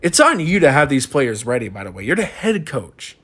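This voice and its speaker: A man's voice: medium pitch, very animated, brisk, a bit bright, slightly rough. A young man giving a frustrated postgame rant as a college football fan, repeating himself and ranting.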